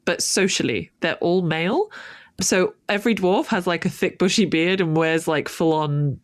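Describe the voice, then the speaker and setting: A woman's voice: on the low side, no room sound, studio quality. A woman co-hosting a podcast in casual chat, rambling enthusiastically with frequent laughs and fillers. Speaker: podcast co-host.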